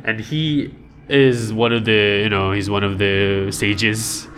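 Young man, bright and forceful tone, casual podcast chat, animated storyteller. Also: takes it slowly, slight background noise. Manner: animated storyteller who acts out quotes in high voices and laughs often. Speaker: podcast co-host.

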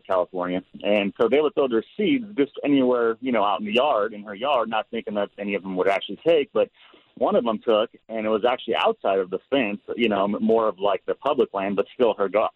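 Fast-talking man on a tinny phone line. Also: fairly low pitch, no echo. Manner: rambling, full of restarts. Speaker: caller. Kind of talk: animated phone-in storytelling.

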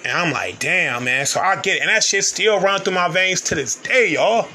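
A young man hosting a podcast, with a fairly high and very bright voice. He talks in an earnest, confiding way and calls out to his listeners often. A faint hiss runs underneath. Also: lively intonation, a little fast. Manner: earnest, confiding, peppers talk with "man" and "y'all". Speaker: podcast host. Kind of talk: personal storytelling monologue.

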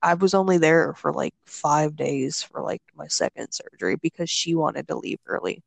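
A woman's voice: deep voice, moderate pace, creaky, dry recording. Blunt young woman, dry close sound. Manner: blunt, swears, lots of "like". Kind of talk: casual chat.

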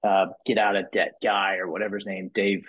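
A man with a husky, somewhat low voice talks on a podcast, recorded in slightly muffled sound. He tells stories casually and with energy, stumbling over his restarts and leaning on "you know". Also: a little fast. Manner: animated storyteller, many restarts and "you know"s, rises high acting out quotes. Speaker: podcast guest, business owner. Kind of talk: casual storytelling interview.

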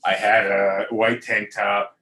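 A man's voice: fairly low pitch, little pitch movement, takes it slowly, bright, forceful tone. A man co-hosting a casual chat, telling stories with crude jokes and repeated words.

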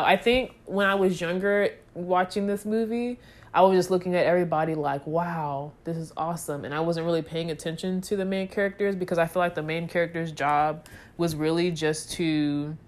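A woman's voice: lowish voice, steady tone, moderate pace. A young woman chatting casually to her viewers, rambling with goofy asides. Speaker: vlogger. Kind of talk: casual chat to camera.

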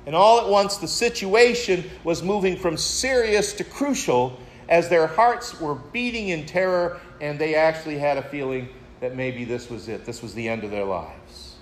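A man's voice: on the high side, expressive, moderate pace, slight background noise. A man preaching a sermon, retelling a story in a reflective way and addressing his listeners as friends. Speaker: pastor.

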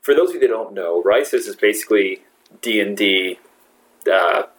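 A man's voice: on the low side, lively intonation, moderate pace. A man narrating a tabletop role-playing game as game master, laughing often and restarting sentences. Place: brewery.

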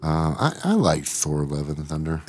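A man's voice: rumbling low, very animated, normal speed. A man co-hosting a podcast, chatting casually and leading into the next segment. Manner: leads into segments. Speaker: podcast co-host. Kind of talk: casual chat and reading a quote.

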